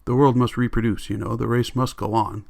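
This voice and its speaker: A man's voice: medium pitch, little pitch movement, fairly quick, creaky, darkish tone, close to an everyday voice. A man reading a novel aloud, voicing a chatty, flighty housewife with a breezy, gossipy manner.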